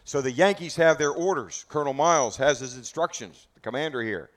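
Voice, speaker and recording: Guy guiding a history tour outside, slightly high voice, big dramatic questions to the crowd. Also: fairly quick, few pauses. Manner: dramatic, rhetorical questions, emphatic. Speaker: battlefield tour guide. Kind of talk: outdoor history talk to a group.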